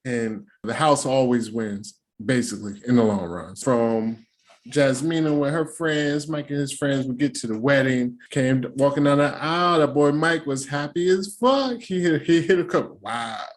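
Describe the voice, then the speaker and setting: A middle-aged man hosting a casual show recap, talking in slangy, animated asides and jokes. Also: mid-range voice, moderate pace. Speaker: recap host.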